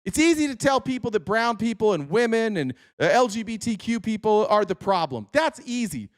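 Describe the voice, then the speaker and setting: A man's voice: sits high, sing-song, a little fast, no echo, clean studio sound. A man giving an opinion monologue as a political commentator, blunt, heated and profane.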